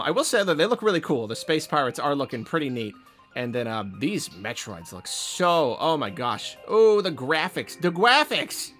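A man at an average pitch reacts to a game trailer, gushing and rambling with plenty of fillers and restarts. Faint music plays quietly behind him. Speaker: video game channel host.

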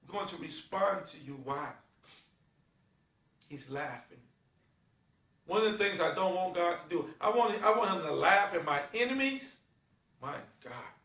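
A man preaching a sermon, emphatic and swinging between loud and soft. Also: a little high. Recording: echoey room from far off.

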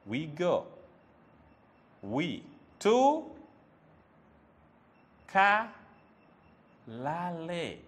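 A male teacher with a high voice that swings up and down as he talks. He walks through a language lesson slowly and deliberately, repeating each word. He keeps quizzing the listener. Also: big pitch swings. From Tanzania. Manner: slow, repeating words and quizzing the viewer. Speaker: Swahili teacher.

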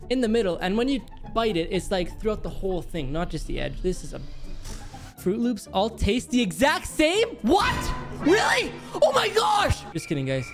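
A man's voice: high voice, a little mellow. A young man from Canada rambling casually through a reaction video, with mock-shocked outbursts.

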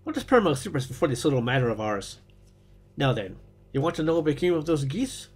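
A man voicing a calm, clever male detective who speaks blandly and knowingly, in a storybook reading. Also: a little high, brisk, slightly rough.

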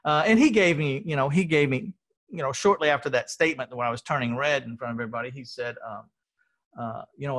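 A man's voice: medium pitch, quick pace, fairly bright tone. A middle-aged man from Texas telling his story in an earnest, rambling way, often restarting his sentences. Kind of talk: casual conversational storytelling.

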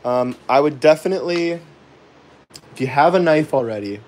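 A man hosting a live woodcarving stream, thinking aloud with many pauses and fillers and chuckling at his own jokes as he reads viewer comments. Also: fairly high pitch, animated, darkish tone. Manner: chuckles often, jokey and self-deprecating. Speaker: woodcarving livestream host. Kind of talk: live carving demo, chatting with viewers.

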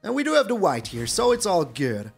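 Man, gameplay commentary host, theatrical, sing-song swoops, gravelly fry. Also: high-pitched, fairly quick, faint music behind. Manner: animated, theatrical groaning at the opponent. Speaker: gaming channel host.

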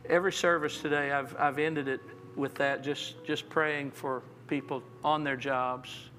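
Man, pastor, sermon in a church, bright tone, a bit high, repeats words when restarting. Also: fairly even intonation, measured pace. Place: church sanctuary.

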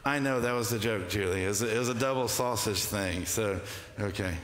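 A man's voice: fairly low pitch, fairly quick, fairly bright tone. A man preaching a sermon as pastor, who calls on the congregation to repeat phrases back and builds to emphatic peaks. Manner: call-and-response preaching, rising emphatic delivery. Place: church sanctuary. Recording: echoey church hall.

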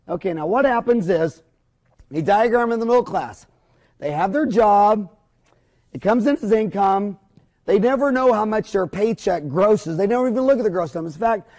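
Blunt, high-voiced man lecturing. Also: darkish tone. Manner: blunt, opinionated and rambling, with folksy mild cursing. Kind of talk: seminar lecture at a whiteboard.

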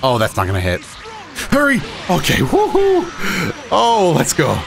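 A man giving live commentary on his own fighting-game matches, excitable, swinging between muttering and shouting, his throat a bit rough. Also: medium pitch, normal speed, noisy background. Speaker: gaming YouTuber.

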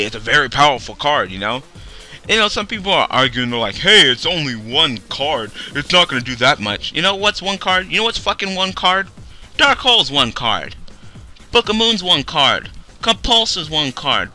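A young man's bright, cutting voice with a highish pitch, ranting angrily at a game company. He swears constantly and turns sarcastic, with pitch leaping all over as he jumps from shouts to muttering. Soft music plays behind him. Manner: angry, swearing, sarcastic, swinging loud to mumbling. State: tired, low on energy. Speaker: YouTube card game video host. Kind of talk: profane rant to camera.

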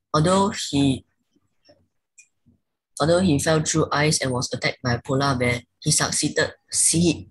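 A student reading a passage aloud haltingly, correcting themselves. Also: mid-range voice, a bit bright, husky, no echo, poor audio.

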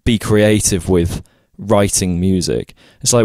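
A man hosting a podcast, talking thoughtfully and haltingly with lots of fillers. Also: deep voice, a little mellow, no echo, studio quality. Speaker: podcast host. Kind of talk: casual chat.

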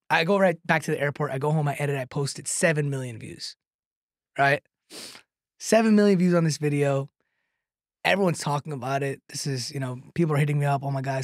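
A man with a fairly high voice spins a comic story as a podcast guest, close on the mic in a dry, dead-sounding room. He keeps checking in with "right?" and chuckles through his own tale. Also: dry recording. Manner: animated, tags lines with "right?". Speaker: guest comedian and content creator. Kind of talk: storytelling anecdote in a podcast chat.

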